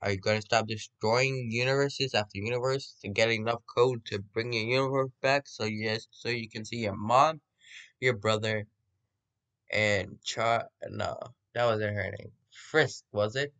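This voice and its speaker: A man voicing a cocky teenage boy who teases and questions in a slightly raised pitch. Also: unhurried, a bit bright. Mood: teasing.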